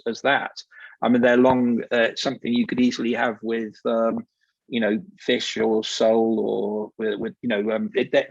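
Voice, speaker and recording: A man's voice: mid-range voice, no echo, lo-fi sound. A man in his sixties, a wine merchant talking as guest expert in a casual panel, rambling and hesitant with many fillers. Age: 60s.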